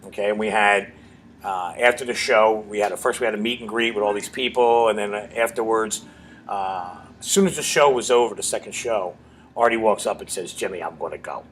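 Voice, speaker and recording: A middle-aged man with a lowish voice who tells his stories in a crude, self-mocking, animated way. He talks as a comedy club owner and comedian being interviewed at an open mic night in a bar. A faint room ambience hums behind him. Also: a little fast, slight background noise. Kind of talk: storytelling in an interview.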